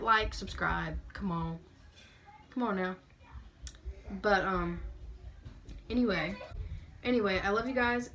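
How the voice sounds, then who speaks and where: Sassy teen girl vlogging in her bedroom, stuffed-up nose, heavy breathing, middle pitch. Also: a little hiss or hum. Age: late teens. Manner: bubbly and sassy. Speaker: beauty vlogger. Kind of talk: casual room tour chat.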